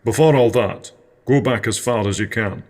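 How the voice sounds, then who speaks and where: A Scottish man speaking as a comedy interview guest, blunt, gruff and deadpan. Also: fairly low pitch, moderate pace. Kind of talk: absurdist comedy dialogue.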